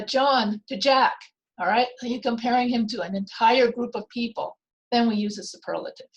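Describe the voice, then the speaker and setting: A woman teaching a grammar lesson, explaining slowly and deliberately with repeated example sentences. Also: a little high, rough recording. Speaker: writing teacher.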